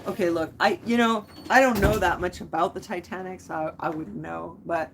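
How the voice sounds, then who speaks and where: A woman's voice: fairly low pitch, steady tone, moderate pace, vocal fry, background noise. A young woman hosting a live stream, chatting casually, rambling off on tangents and answering viewer comments.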